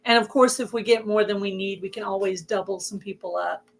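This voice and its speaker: A chatty Southern woman hosting a relaxed live stream, her voice worn hoarse. She rambles along in a middle-pitched voice and welcomes viewers by name as they drop in. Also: fairly quick. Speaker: host of a livestream. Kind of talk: casual livestream chat.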